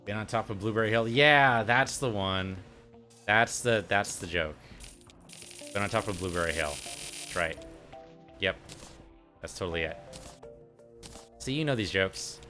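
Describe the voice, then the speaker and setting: Low-voiced, laid-back gaming host. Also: male voice, unhurried, pauses often, faint music behind. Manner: relaxed, rambling, joke-telling. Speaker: let's play host. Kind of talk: casual gameplay commentary.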